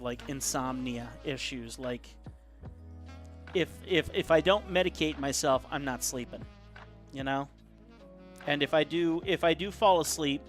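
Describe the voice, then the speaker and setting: A man's voice: fairly high pitch, a bit bright. A man live-streaming his drawing, chatting casually and reading viewer comments aloud in a rambling way. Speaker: caricature artist live-streaming.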